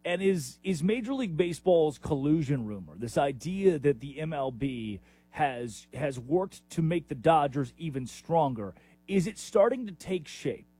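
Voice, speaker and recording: A man's voice: on the high side, measured pace, slightly rough, no echo, soft background music. A man hosting a sports talk radio show, delivering an opinionated, emphatic monologue. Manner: animated, opinionated, emphatic with sudden rises.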